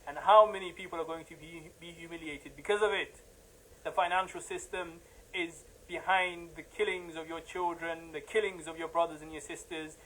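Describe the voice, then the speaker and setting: A man's voice: on the high side, fairly even intonation, normal speed, a bit bright, slight background noise, poor audio. A man giving an impassioned religious lecture, emphatic and repetitive, building to heated outbursts.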